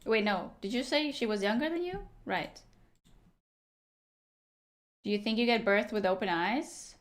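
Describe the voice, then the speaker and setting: A woman's voice: medium pitch, unhurried. A young woman live-streaming a game, chatting casually and teasing her viewers as she answers them. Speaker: livestreamer.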